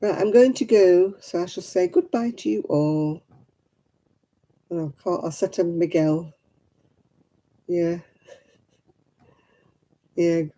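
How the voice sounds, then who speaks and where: A woman's voice: lowish voice, fairly even intonation, a little slow, long pauses, mellow. A woman hosting a crafting livestream, chatting frankly and casually with viewers and calling them by name.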